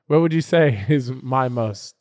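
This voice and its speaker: A man's voice: medium pitch, a little mellow. A man co-hosting a podcast, chatting casually and teasing his co-hosts. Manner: teasing, quick to joke. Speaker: podcast co-host. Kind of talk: casual chat.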